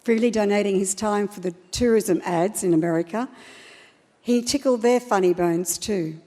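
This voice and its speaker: Woman presenter, mellow, measured, hall reverb. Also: mid-range voice. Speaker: awards presenter. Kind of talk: scripted tribute presentation. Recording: stage speech in a reverberant hall.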